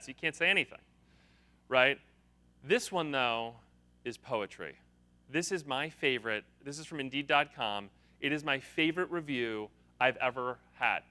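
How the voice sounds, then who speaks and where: A man giving a conference keynote speech, an energetic storyteller who acts out the quotes he tells. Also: fairly high pitch, normal speed. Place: conference hall.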